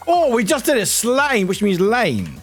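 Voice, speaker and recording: A man from the UK chatting casually with viewers on a live stream as he plays a word game, upbeat and quick to greet people. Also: extremely high pitch, very animated, soft background music. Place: home room with a cat nearby.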